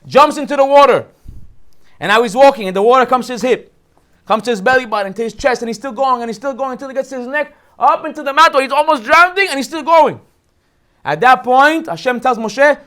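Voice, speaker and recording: A man teaching a lesson on the weekly Torah portion as a rabbi, telling the story in an animated way and acting out quotes with jokes. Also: extremely high pitch, fairly quick.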